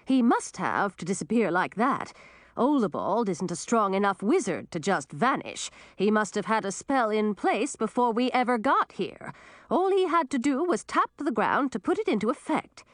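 Shrewd witch, brisk, higher and lively, as a woman reads her, storybook. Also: no room sound, clean studio sound. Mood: musing. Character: practical witch, matter-of-fact and shrewd.

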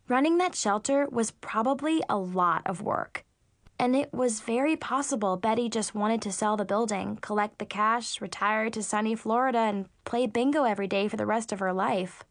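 A woman reading a storybook aloud in the first person, chatty and expressive. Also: fairly high pitch, normal speed, dry recording, clean studio sound. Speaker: audiobook narrator.

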